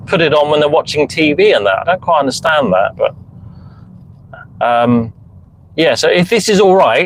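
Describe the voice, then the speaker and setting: A middle-aged man with a voice on the high side chats casually on a live stream from his car, parked in a lay-by, rambling as he answers viewers' messages. It's framed as live-stream chat while driving, picked up by a phone mounted hands-free in the car, with slight background noise and poor audio.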